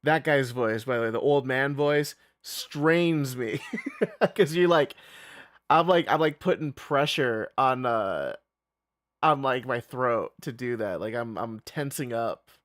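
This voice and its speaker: A man's voice: medium pitch, takes it slowly, fairly bright tone, dry recording, studio quality. A man giving casual live-stream commentary while playing a game, rambling, interrupting himself and laughing often.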